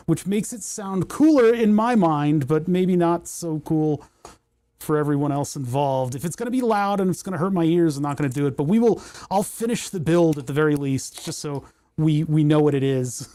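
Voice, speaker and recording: Rambling, self-deprecating livestream host, a man with a slightly high voice, dry close sound. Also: normal speed, warm tone, dry recording. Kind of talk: casual livestream chat while repairing.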